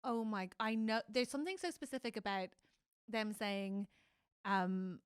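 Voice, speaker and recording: A woman co-hosting a casual comedy podcast, talking with animated emotion. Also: medium pitch, a little slow, smooth, no room sound, studio quality. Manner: animated, emotional, acts out characters' lines. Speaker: podcast co-host.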